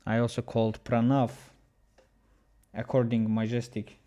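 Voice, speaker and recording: A man's voice: mid-range voice, level tone, dark tone. Chatty male chess streamer. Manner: chatty, reads viewer messages aloud and answers them; halting, often restarts his sentences. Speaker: chess streamer commenting a game. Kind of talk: casual livestream chess commentary.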